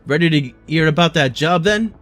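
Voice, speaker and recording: A man voicing a blunt, hearty older male guild master in rough colloquial speech, reading game dialogue aloud. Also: on the high side, moderate pace, fairly bright tone, soft background music, voice pushed up, close to an everyday voice. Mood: gruff.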